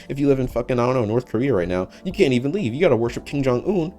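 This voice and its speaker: A man's voice: mid-range voice, animated, rapid-fire, few pauses, darkish tone, soft background music. A man of twenty-one from the United States, rambling casually to camera in a vlog, swearing often and breaking into laughter. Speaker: vlogger.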